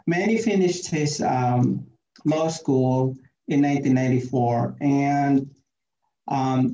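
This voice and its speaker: Man, reflective memorial speaker, very slow delivery, mellow dark tone. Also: mid-range voice. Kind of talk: personal remembrance. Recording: roomy, distant, dull lo-fi sound.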